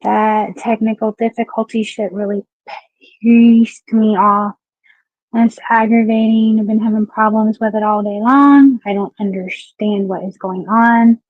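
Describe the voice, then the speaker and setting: A woman's voice: medium pitch, steady tone, a little slow, no room sound, phone-quality sound. A woman from Southeastern Kentucky with a Southern accent, hosting her own live-stream talk show, chatty and frank as she greets viewers by name. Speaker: livestream talk show host. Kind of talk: casual live-stream chat.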